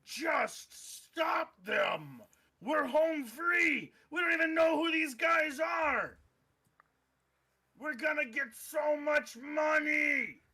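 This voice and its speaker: Man putting on a bellowing orc bandit boss, high strained yell, bright edge. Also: lively intonation, slow pace, exaggerated voice, low-quality recording. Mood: furious shouting. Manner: shouting, bossy. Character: loud greedy male orc bandit.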